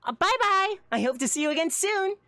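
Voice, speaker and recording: A woman's voice: very high-pitched, lively intonation, brisk, sharp tone, no room sound, full character voice. A woman voicing a quirky young woman who runs a seafood restaurant, giggly and playful in a live roleplay. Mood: cheerful. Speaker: restaurant owner character.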